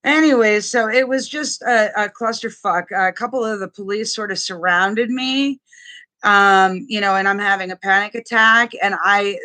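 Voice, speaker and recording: Woman vlogger with a bright, sharp tone, telling her own story angrily and bluntly, swearing freely. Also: mid-range voice, moderate pace. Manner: blunt and profane, with heavy swearing and restarts; indignant and raw. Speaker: vlogger sharing a personal experience. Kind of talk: angry personal testimony vlog.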